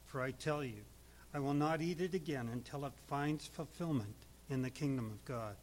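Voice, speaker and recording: A man reads scripture aloud in a steady, even way. His voice sits at an ordinary pitch and the delivery stays calm throughout. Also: normal speed, a little hiss or hum, poor audio. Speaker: scripture reader.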